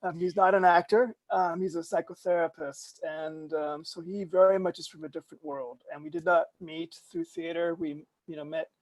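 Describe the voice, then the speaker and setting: A man's voice: a little high, fairly even intonation, moderate pace, few pauses. A middle-aged man from Germany with a faint German accent, an actor chatting thoughtfully on a video-call panel, hesitating often with ums. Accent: slight German.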